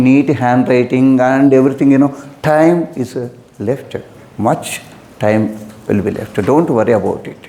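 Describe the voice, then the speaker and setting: A man's voice: mid-range voice, dark tone, echoey room. A man teaching an English exam lesson who repeats his instructions and calls his students "my dear".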